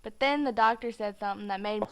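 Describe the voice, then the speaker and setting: A young woman narrating a story for a student project in a relaxed, folksy way. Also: medium pitch, quick pace, noisy background.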